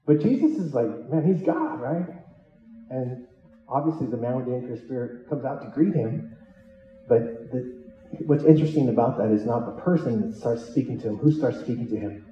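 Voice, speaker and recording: Animated male pastor in a roomy hall. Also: mid-range voice, moderate pace, recorded from a distance, dull audio, slight background noise. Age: adult with children. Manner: animated, joking, acts out the disciples' lines. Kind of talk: sermon. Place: church hall.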